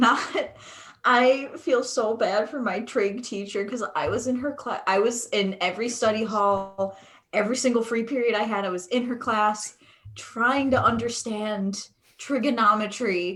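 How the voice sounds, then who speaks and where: A woman's voice: mid-range voice, a little slow, fairly bright tone. A woman chatting casually on a live stream, earnest and self-deprecating. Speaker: panelist.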